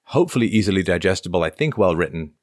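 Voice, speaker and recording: A man's voice: low voice, expressive, rapid-fire, a little mellow, no room sound, clean studio sound. A man in his fifties hosting a casual livestream, reading viewer comments aloud and answering in a rambling, self-interrupting way.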